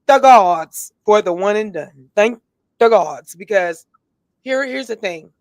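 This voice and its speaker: A woman's voice: medium pitch, lively intonation, slow pace, no echo. A woman co-hosting a casual gossip show, talking bluntly and sassily, with emphatic repeats and a tipsy edge. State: tipsy, has been drinking. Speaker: co-host.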